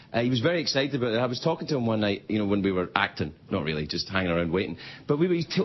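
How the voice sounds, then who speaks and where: A man's voice: medium pitch, husky. A middle-aged man from Scotland, hosting a late-night show and telling rambling, self-mocking stories in a comedy monologue. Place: TV studio before a live audience. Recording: dull TV recording with loud audience.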